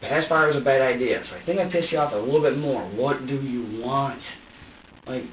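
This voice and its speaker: A man's voice: mid-range voice, narrow, tinny audio, slight background noise. Agitated man, distant echoey interrogation recording. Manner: agitated, swearing, halting with many restarts. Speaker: suspect in a police interrogation. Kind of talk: emotional confession. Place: police interrogation room.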